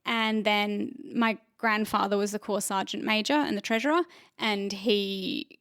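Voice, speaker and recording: A woman's voice: mid-range voice, fairly even intonation, a little slow, fairly bright tone, dry recording, clean studio sound. A woman, an actor and comedian, telling a story in a rambling, casual way, with lots of fillers and restarts. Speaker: podcast guest, actor and comedian. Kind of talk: casual chat.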